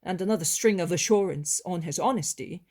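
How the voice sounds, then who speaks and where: A woman narrating an audiobook of a religious novel in a slow, deliberate reading. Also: fairly low pitch, a little mellow.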